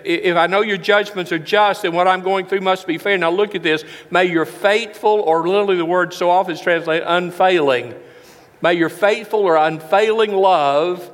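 A man preaching a sermon in a church, his voice pitched a little high. He is emphatic and slows down to stress each verse. A long reverb from the sanctuary trails after his words. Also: a bit bright. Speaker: pastor. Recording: long reverb of a large hall.

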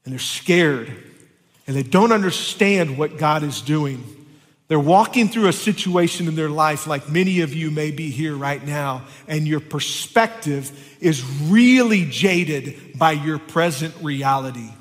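A man's voice: a little high, lively intonation, a little slow. A pastor preaching a sermon and reading scripture aloud, with emphatic rises in his voice. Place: church sanctuary. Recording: long reverb of a church hall.

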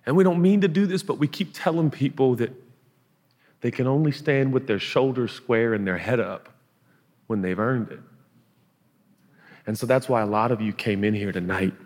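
A pastor preaching a sermon in an earnest, conversational way, now and then dropping to a hush. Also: male voice, medium pitch, moderate pace, pauses often, long reverb tail. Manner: earnest, conversational preaching with sudden hushed asides. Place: large auditorium.

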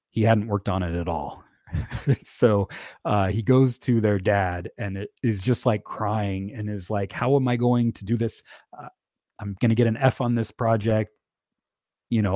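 Speaking in a lowish, darkish voice, a man hosts a podcast monologue about faith, casual and candid with self-deprecating humor. He chuckles frequently and restarts sentences amid many fillers, on a dry, clean studio recording.

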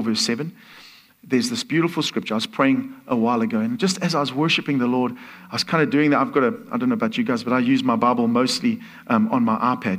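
Husky-voiced man preaching a sermon. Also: medium pitch. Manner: earnest, builds from soft to excited exclamations, laughs between phrases. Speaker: guest preacher.

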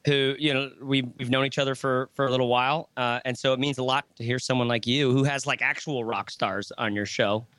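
A man's voice: mid-range voice, fairly even intonation, fairly quick, hardly any pauses, fairly bright tone, no echo. A man in his thirties talking as a podcast guest, rambling and joking, often breaking off his own sentences. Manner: rambling, joking, self-interrupting. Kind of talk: casual conversation.

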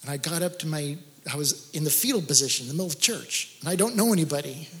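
A man's voice: on the high side, fast talker, long reverb tail. A man speaking to a church gathering, telling his own faith story in an earnest, storytelling way that rises to intense emphasis. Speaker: guest speaker. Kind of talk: testimony sermon.

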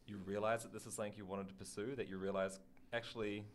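A man's voice: on the low side, little pitch movement, fast talker, a little hiss or hum. A man hosting an interview, thinking aloud as he asks his questions. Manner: encouraging, thinks aloud while asking. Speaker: host. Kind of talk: casual interview.

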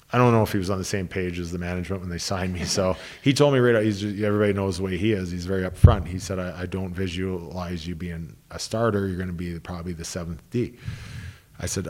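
A man's voice: low voice, a little mellow. A middle-aged man, a former pro hockey player turned coach, telling stories in a loose, rambling interview style full of "you know" and restarted sentences. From Canada, Ottawa. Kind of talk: casual interview storytelling.

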